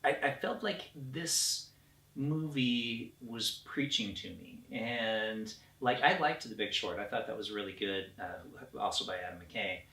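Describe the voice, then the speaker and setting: A man's voice: fairly low pitch, animated, a little slow, bright, forceful tone. A man from the United States co-hosting a casual film review chat. He gives his opinions frankly. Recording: roomy, mic at a distance.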